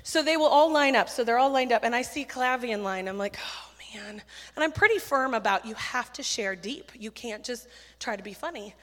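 A woman preaching to a church crowd, lively and chatty, dropping quick self-deprecating asides between stories. Her voice sits fairly high and carries a long hall reverb. She talks into a handheld mic. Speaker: children's ministry speaker. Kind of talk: sermon with storytelling.

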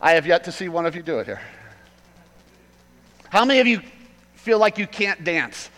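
A man preaching a sermon as pastor, swinging from loud emphatic peaks to quiet asides. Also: sits high, sing-song, normal speed, long reverb tail, low-quality recording.

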